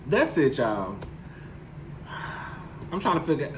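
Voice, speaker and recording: Guy talking to his viewers from his apartment, kinda high voice, echoey room, swears a lot and gets real emotional. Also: wildly swooping pitch, takes it slowly, pauses often, slight background noise. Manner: candid, emotional, profane, addresses viewers as y'all. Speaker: YouTube commentator. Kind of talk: casual vlog chat. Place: home apartment. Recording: roomy echo.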